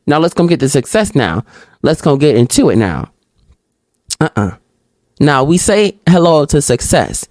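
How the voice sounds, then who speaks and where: A woman hosting a solo podcast, reading out reflection questions and answering them in an animated, outspoken way, talking straight to her listeners and acting out little exchanges. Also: unhurried, long pauses, no echo. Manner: acts out little dialogues in higher voices. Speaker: podcast host.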